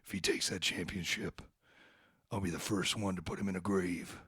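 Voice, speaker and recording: A man putting on a low, threatening voice as a menacing male wrestling villain cutting a promo. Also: steady tone, moderate pace, fairly bright tone, slightly rough, dry recording, clean studio sound, exaggerated voice.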